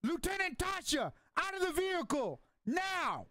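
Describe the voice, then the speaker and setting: A man voicing a gruff male military lieutenant who barks orders in a tabletop game. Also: extremely high pitch, sing-song, normal speed, fairly bright tone, no room sound, clean studio sound, pitched above the performer's own voice, full character voice. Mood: commanding. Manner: barking orders.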